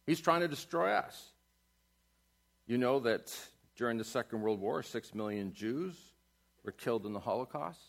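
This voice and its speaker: A man preaching a sermon in a church, asking his congregation questions and building to loud climaxes. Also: medium pitch. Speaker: pastor. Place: church sanctuary.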